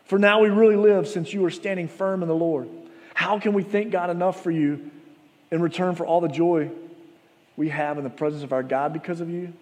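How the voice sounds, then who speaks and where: A man's voice: a little high, brisk, big-room sound. A man preaching a sermon, earnest and conversational, acting out the people in his stories. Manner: earnest, conversational storytelling with animated retold dialogue. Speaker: pastor.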